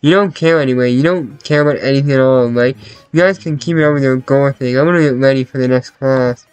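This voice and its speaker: A man voicing an angry young female classmate who demands to be heard, in a sharp, raised voice, over faint music. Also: medium pitch, fast talker, smooth, no room sound, close to an everyday voice, poor audio. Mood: bitter. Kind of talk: visual novel voice acting.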